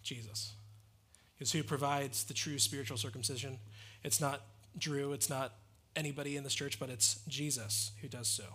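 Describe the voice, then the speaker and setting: A man's voice: mid-range voice, steady tone, normal speed, bright, forceful tone, slightly rough. A man preaching a sermon in an earnest, emphatic way, asking rhetorical questions and answering them. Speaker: pastor.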